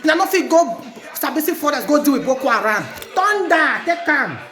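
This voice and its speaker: A woman's voice: high-pitched, very animated, brisk. A Nigerian woman living in Italy, ranting angrily and chanting slogans over and over in a protest vlog. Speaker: vlogger. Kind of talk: angry protest rant. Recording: echoey room with music playing.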